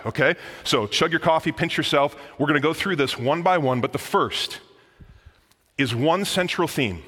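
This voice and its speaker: A man preaching a sermon as pastor, in a lively, conversational manner that often addresses the listeners as guys. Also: a little high, normal speed, breathy edge. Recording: long reverb of a large hall.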